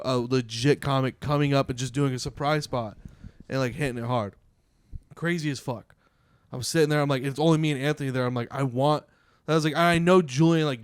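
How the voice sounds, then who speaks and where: A man co-hosting a podcast, telling an excited, profane story in casual chat. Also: medium pitch, clean tone, dry recording, clean studio sound. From California. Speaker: podcast co-host.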